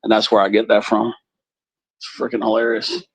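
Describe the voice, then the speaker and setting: A man chatting casually on a livestream, telling rambling animated stories. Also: on the low side, a little fast, slightly rough, no echo, rough recording. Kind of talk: casual chat, storytelling.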